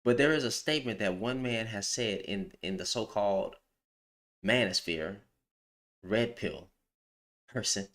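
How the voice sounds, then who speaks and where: A man's voice: fairly low pitch, unhurried, long pauses, fairly bright tone. A man giving a heated, opinionated rant on a livestream, with slangy speech, who repeats phrases for emphasis. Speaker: livestream commentator.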